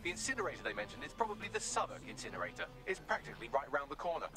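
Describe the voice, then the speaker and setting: An actor voicing a wry, sarcastic male AI assistant in a video game, speaking in a quick, teasing way. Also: sits high, animated, vocal fry, sharp tone, exaggerated voice. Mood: matter-of-fact. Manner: quick, teasing, mock-speculative.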